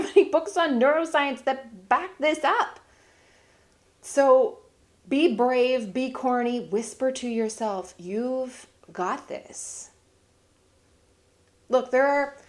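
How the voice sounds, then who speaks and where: A middle-aged woman giving heartfelt, emphatic life advice as a family vlogger talking to camera. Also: on the high side. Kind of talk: earnest motivational talk to camera.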